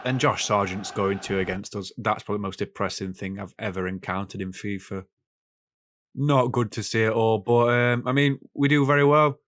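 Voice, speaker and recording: Chatty gamer talking over footage. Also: male voice, on the low side, fairly even intonation, moderate pace, a bit bright. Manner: chatty, self-deprecating, rambling with fillers. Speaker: gaming YouTuber. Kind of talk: casual gameplay commentary.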